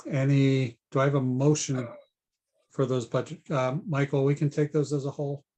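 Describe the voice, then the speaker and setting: A man's voice: medium pitch, flat delivery, moderate pace, dark tone. Casual man chairing a town meeting. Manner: informal, joking, many fillers. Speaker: council president chairing the meeting.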